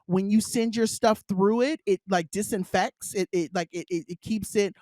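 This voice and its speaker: A man co-hosting a podcast in casual chat, telling a story in a playful, animated way with plenty of fillers. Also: high-pitched, moderate pace, no room sound. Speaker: podcast co-host.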